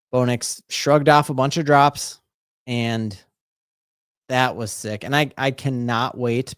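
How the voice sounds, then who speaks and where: A man hosting a live play-by-play watch-along as a sports fan, excitable and breaking into shouted exclamations, rambling and restarting his sentences. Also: mid-range voice, no echo, studio quality. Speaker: sports fan stream host.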